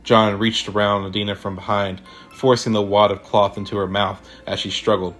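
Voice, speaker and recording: Man, low voice, scripted horror story narration, faint music behind. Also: level tone, moderate pace, a bit bright.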